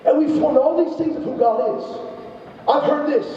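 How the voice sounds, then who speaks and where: A young man giving an evangelistic talk to a high school club, telling stories and acting out the voices in them. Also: moderate pace, a little hiss or hum. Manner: animated storytelling with acted-out quotes. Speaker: youth speaker. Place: large high school room with a crowd of students. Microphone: distant from the recording device. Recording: echoey hall from far off, dull sound.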